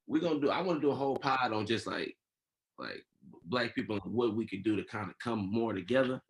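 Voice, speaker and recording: A man hosting a podcast in casual chat, laid-back and slangy, thinking out loud as he goes. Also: lowish voice, lively intonation, a little fast, gravelly, rough recording. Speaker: podcast host.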